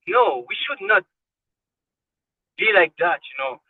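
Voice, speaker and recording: A man's voice: high voice, wildly swooping pitch, a little slow, vocal fry, pauses often, slightly rough, no room sound. A man giving a devotional class, fervent and exhorting, repeating phrases for emphasis. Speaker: spiritual class speaker. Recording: tinny phone-like line, dry.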